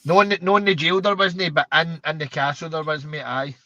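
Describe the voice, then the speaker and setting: A man's voice: a little high, steady tone, fairly quick, pushed and bright, dry recording, lo-fi sound. A man in a casual chat, telling stories with heavy slang, swearing, laughing.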